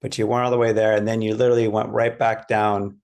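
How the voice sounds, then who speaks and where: A man's voice: fairly low pitch, level tone, fast talker, creaky, darkish tone. A man hosting an interview as a physical therapist, reflecting on and emphatically explaining what his guest says.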